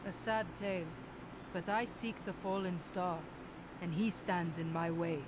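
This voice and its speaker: A grim barbarian hero. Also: male voice, sits high, fairly even intonation, unhurried, background noise. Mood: grave. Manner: terse, grave delivery. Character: grim male barbarian hero, stern and driven. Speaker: game character.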